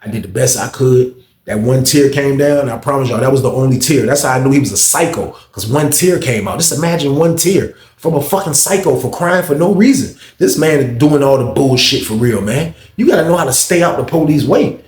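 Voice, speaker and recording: A man's voice: mid-range voice, expressive, fairly quick, a little mellow. A man telling a story to his viewers in a casual, slangy and profane way. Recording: roomy echo.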